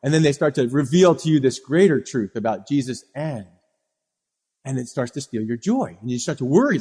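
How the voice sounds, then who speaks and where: A male pastor preaching a sermon, animated, acting out the voices of people he quotes. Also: mid-range voice, brisk, slightly rough. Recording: long hall reverb.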